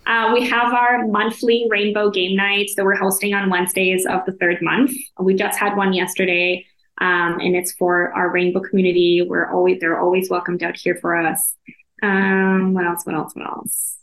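A woman's voice: fairly low pitch, flat delivery, moderate pace, fairly bright tone, echoey room, rough recording. A woman from Israel, a guest at an arts council, chatting casually and laughing often in an interview.

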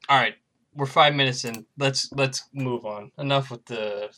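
Bright-voiced joking podcast host. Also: male voice, medium pitch, unhurried, a little hiss or hum. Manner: rambling, joking, many fillers. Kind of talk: casual chat.

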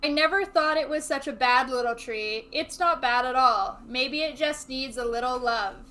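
A young woman hosting a casual quiz, reading out questions in a brisk, teasing way. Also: high-pitched, sharp tone. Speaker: quiz host.

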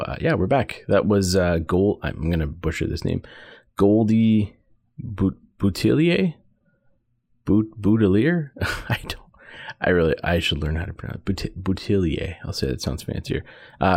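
Low-voiced man hosting late-night radio. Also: no room sound. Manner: relaxed, rambling, lots of fillers and self-corrections. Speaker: radio host. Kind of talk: casual radio DJ talk between songs. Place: small radio studio. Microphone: studio broadcast mic.

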